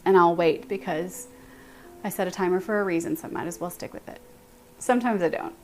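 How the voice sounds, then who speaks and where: A woman's voice: fairly low pitch, a little fast, soft background music. A woman with a Texan accent hosting a casual baking livestream, chatting and thinking aloud as she greets her viewers by name in her home kitchen.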